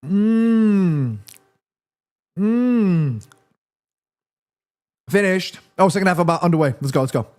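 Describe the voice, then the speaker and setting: A man from Korea hosting a live football watchalong stream, reading chat aloud, eating snacks and reacting loudly to the match. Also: sits high, slow pace, pauses often. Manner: chatty, reads chat aloud, excited shouts at match action.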